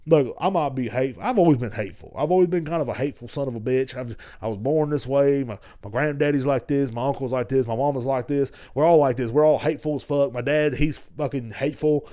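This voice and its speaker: Talking fast in a warm, medium-pitched voice, a man from Texas hosts his podcast solo. His monologue is casual and comedic, rambling along with swearing and crude humor.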